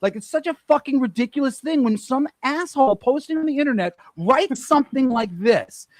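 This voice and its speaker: A man's voice: extremely high pitch, expressive, a little fast, dry recording. A man co-hosting a podcast, ranting emphatically with lots of profanity. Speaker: podcast co-host. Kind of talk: heated casual podcast rant.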